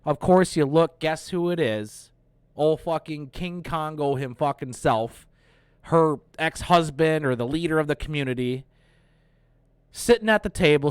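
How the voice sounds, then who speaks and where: A man hosts a casual movie review, retelling scenes with plenty of swearing and quick acted-out quotes. His voice sits at a middle pitch, and the recording is dry, with no room sound. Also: dry recording. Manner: animated, profane, acts out quotes. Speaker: host.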